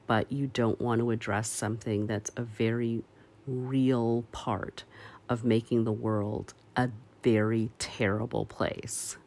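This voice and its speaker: Slow, halting man speaking earnestly. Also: medium pitch, darkish tone. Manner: slow and halting, with many pauses and fillers; firm and emphatic on key words. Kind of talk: earnest opinion commentary.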